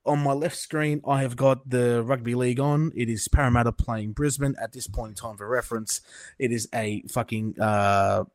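Young Aussie podcast host, crude and blunt, dry close mic. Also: male voice, mid-range voice, steady tone, normal speed, no room sound. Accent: Australian. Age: young adult. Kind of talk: casual podcast chat.

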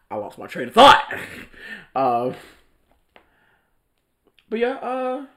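A man's voice: very high voice, very animated, slow pace, vocal fry, pushed and bright. A young man in casual podcast chat, telling a work story with lots of laughter, cursing and slang.

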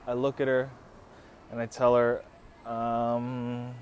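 A man's voice: mid-range voice, monotone, slow, a little mellow, a little hiss or hum. Crude joking man telling stories. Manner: crude, joking, swears a lot, laughs. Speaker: podcast host. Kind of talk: casual storytelling. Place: living in the Philippines.

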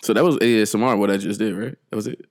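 Joking male podcast host, lowish voice. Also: racing. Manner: joking, laughing often, rambling. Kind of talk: casual podcast chat.

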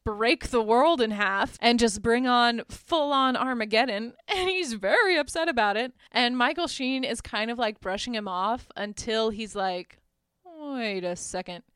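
A woman's voice: a little high, normal speed, hardly any pauses, a bit bright, smooth, no echo, clean studio sound. A woman hosting a podcast, retelling a movie plot in a casual, chatty way, laughing often and filling her talk with "like.". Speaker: podcast host.

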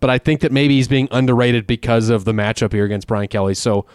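A man hosting a casual sports betting podcast, talking in quick, rambling runs with many fillers. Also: medium pitch, flat delivery, smooth, no echo. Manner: fast, rambling, full of fillers and restarts. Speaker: podcast host.

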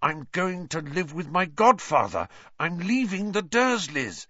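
A man's voice: sits high, sing-song, a little slow, slightly rough, no room sound, highs cut off, voice pushed up, full character voice. A man doing a frantic teenage wizard boy. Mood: pleading. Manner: frantic, strained shouting. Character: desperate teenage boy wizard fighting terror.

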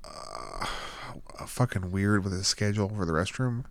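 A man's voice: low-pitched, sing-song, a little slow, vocal fry, no room sound. Rambling, swearing young man. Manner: rambling storyteller, swears a lot, laughs often. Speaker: podcast co-host. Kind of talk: casual chat.

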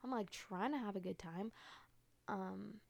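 A woman's voice: medium pitch, unhurried, creaky. A young woman from Arizona hosts a podcast and tells a story in a loose, rambling way. She swears constantly, leans on "like" and "um", and keeps losing her thread before circling back to it. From Arizona, United States. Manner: profane, rambling, filler-heavy. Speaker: podcast host. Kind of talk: casual storytelling chat.

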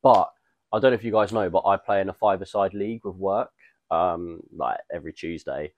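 A young man with a deep voice speaks briskly in a dry, phone-quality recording as a podcast co-host. In casual chat, he tells rambling stories packed with slang and fillers.

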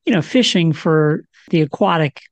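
Woman co-host on a radio show, low voice, easygoing and thoughtful. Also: moderate pace, no room sound, dull audio. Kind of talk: radio talk show chat.

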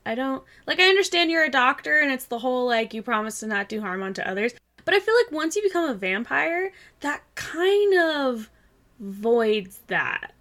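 High, lively woman chatting with lots of 'like'. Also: normal speed. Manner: chatty, filler-heavy with frequent 'like'. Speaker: podcast co-host. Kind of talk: casual chat.

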